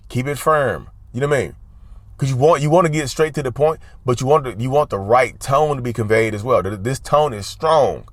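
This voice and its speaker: Medium-pitched and fast-talking, recorded with no echo, the host of a mental health channel delivers a casual advice monologue. He leans on repeating key words and refers to his viewers as "y'all."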